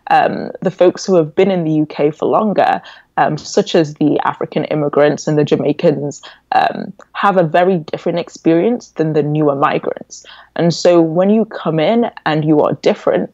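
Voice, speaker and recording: A woman in her twenties with an English accent, raised in England after a Nigerian birth, telling stories as a podcast guest in an animated, reflective way. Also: low voice, moderate pace, no echo. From born in Nigeria, raised in England. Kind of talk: casual interview chat. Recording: dull, dry lo-fi audio.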